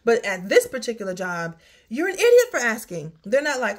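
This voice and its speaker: A woman's voice: a little high, wildly swooping pitch, fairly quick. A woman talking candidly in a personal vlog, sighing often as she drifts from work troubles to faith. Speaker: vlogger. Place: outdoors near her home, rain starting.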